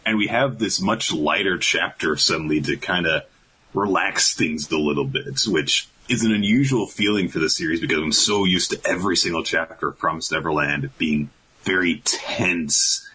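A man's voice: low-pitched, normal speed, breathy edge, rough recording. A man casually recapping a comic chapter on a podcast, acting out the characters as he goes. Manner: animated retelling, acts out characters. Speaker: podcast co-host.

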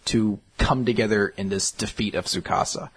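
A man co-hosting a podcast, chatting casually about manga chapters and retelling scenes with quick voices for the characters. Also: on the low side, steady tone, breathy edge. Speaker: podcast co-host.

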